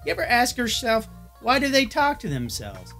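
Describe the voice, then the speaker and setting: A man's voice: extremely high pitch, wildly swooping pitch, normal speed, music in the background. A man narrating an opinionated film review in a blunt manner.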